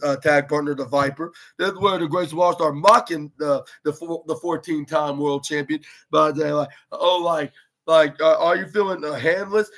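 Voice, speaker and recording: A man's voice: on the high side, fairly bright tone. A man hosting a podcast, recapping a match move by move in a rambling way, with many fillers and restarts. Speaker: podcast host.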